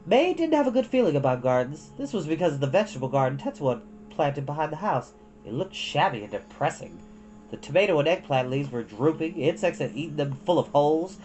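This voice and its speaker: Animated woman reading a story. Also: deep voice. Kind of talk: reading a novel aloud.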